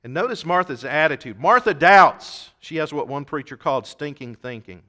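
Bright-voiced preacher, dramatic. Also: male voice, animated, fairly quick. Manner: reads scripture aloud, swings from loud emphatic shouts to low asides. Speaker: pastor. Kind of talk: sermon.

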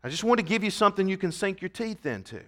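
A man's voice: high voice, very animated, fast. A man preaching a sermon in church, emphatic, reading scripture aloud and playing with wordplay. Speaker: pastor.

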